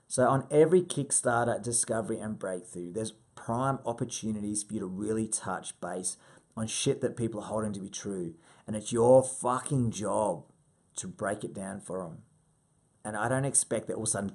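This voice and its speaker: A man in his thirties coaching a sales team, swearing freely and acting out client calls with big jumps in pitch. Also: moderate pace, a little mellow.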